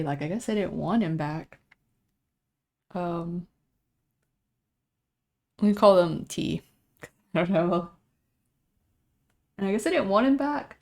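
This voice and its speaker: Creaky-voiced young woman chatting on stream. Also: lowish voice, darkish tone. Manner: rambling storytelling with frequent laughter. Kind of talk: casual chat while drawing on stream.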